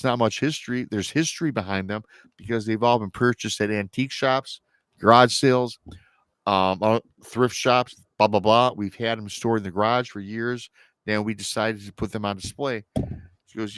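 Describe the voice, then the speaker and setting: This podcast guest, a man in his thirties from Michigan, speaks in a lowish voice at a moderate pace over a dry recording. His personal paranormal tale comes across casual and animated, with him acting out each person he quotes.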